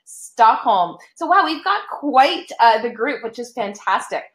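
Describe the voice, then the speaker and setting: A woman's voice: fairly high pitch, sing-song, unhurried. Upbeat young woman chatting to viewers on a live stream, lots of ums, echoey room. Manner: upbeat, greets viewers, many fillers. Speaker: webinar host. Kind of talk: casual live-stream chat.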